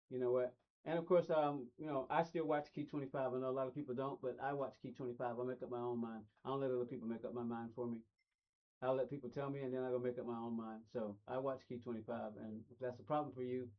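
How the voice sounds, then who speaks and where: A middle-aged man streaming a racing game, rambling casually and talking straight to his chat. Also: mid-range voice. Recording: dull lo-fi stream audio.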